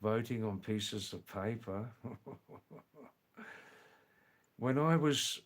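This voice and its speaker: A man's voice: lowish voice, very slow. A middle-aged man from Australia, hosting a casual livestream and talking back to viewers, emphatic and repeating his key points. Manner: emphatic, repeats key phrases, frequent ums. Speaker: livestream host.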